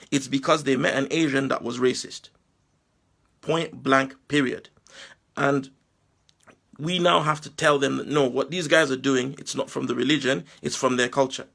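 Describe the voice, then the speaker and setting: A Nigerian man giving a forceful, preachy monologue full of rhetorical questions. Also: fairly high pitch, gravelly. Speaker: Muslim commentator. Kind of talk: impassioned video monologue.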